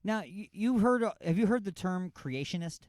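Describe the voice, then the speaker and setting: A man's voice: high voice, lively intonation, normal speed, darkish tone, dry recording, studio quality. A man co-hosting an internet radio show, chatting casually and joking around. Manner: joking, jumps between goofy accents. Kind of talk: casual podcast banter.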